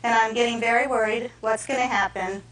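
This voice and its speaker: A woman defendant giving courtroom testimony, retelling events in an animated way and acting out the quotes. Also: fairly high pitch, a little fast. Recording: echoey courtroom from far off.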